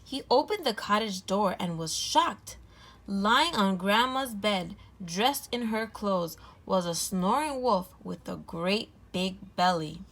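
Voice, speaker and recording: A woman's voice: mid-range voice, expressive, slow, fairly bright tone. Woman reading a storybook aloud. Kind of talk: read-aloud storybook narration.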